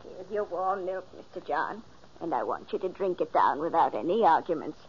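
A woman's voice: fairly low pitch, expressive, normal speed, a little hiss or hum, lightly acted. An actress playing a bossy, motherly housekeeper in a 1940s radio play. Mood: fussing. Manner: scolding, fussing. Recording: dull old radio recording.

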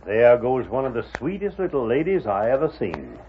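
A man's voice: medium pitch, sing-song, normal speed, natural voice. A man voicing an old Civil War veteran who talks in a flowery frontier drawl, in 1940s radio style. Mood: admiring. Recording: dull old radio recording, faint hiss.

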